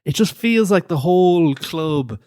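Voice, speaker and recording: A man's voice: fairly high pitch, animated, unhurried, dark tone, dry recording, studio quality. A young adult man co-hosting a football podcast, laughing often and making blunt remarks. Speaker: podcast co-host. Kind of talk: casual football chat.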